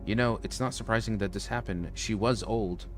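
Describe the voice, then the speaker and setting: A man with a lowish voice streams a horror game at normal speed, reading its lines aloud and tossing in joking asides as casual let's-play commentary. Faint music sits behind him.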